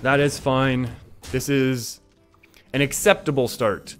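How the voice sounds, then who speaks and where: A man's voice: mid-range voice, fairly even intonation, slow, a bit bright, clear, resonant tone, soft background music. A man live-streaming a card game, talking through his plays in a chatty way and often laughing.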